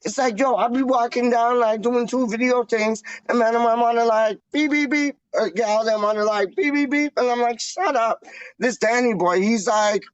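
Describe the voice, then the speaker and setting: A man co-hosting a casual chat show, talking in heavy slang and getting animated, jumping up in pitch when excited. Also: normal speed, few pauses, clean tone, no room sound, muffled recording. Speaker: podcast co-host.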